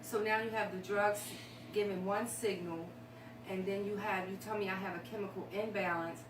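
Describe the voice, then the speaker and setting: A woman's voice: mid-range voice, steady tone, moderate pace. A woman guest on a talk show, speaking candidly and emotionally about her life, a bit rambling. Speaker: guest sharing her story. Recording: echoey room, distant mic, noisy.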